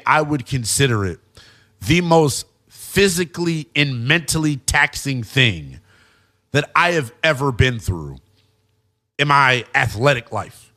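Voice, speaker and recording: A man giving an emphatic football analysis monologue, talking straight to his viewers. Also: medium pitch. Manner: emphatic, animated, addresses viewers as guys and y'all. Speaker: sports commentator.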